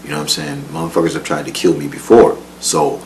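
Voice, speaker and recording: A man's voice: a bass voice, fairly even intonation, fast, darkish tone, a little hiss or hum, low-quality recording. A man telling a life story in casual, profane slang, often laughing, repeating words and asking if you follow. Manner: profane, slangy, keeps asking "you know what I'm saying".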